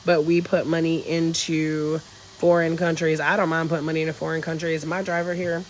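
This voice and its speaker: A woman's voice: deep voice, flat delivery, fairly quick, a little hiss or hum, poor audio. Chatty woman on a phone livestream. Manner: chatty, frank, swears freely, laughs often. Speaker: travel vlogger on a livestream. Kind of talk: casual livestream chat reading comments. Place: resort in Bali, outdoors.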